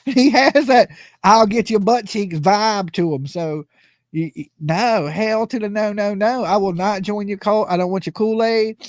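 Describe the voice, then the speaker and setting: A man's voice: high voice, a little slow, dry recording, clean studio sound. A man hosting a casual livestream, joking, rambling and laughing often. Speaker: livestream host commenting on a trial.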